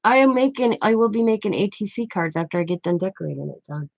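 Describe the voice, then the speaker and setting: A woman's voice: mid-range voice, expressive, fast talker, creaky, no room sound. A middle-aged woman hosting a craft channel, chatting casually and rambling through stories while she works. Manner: rambling, storytelling with restarts.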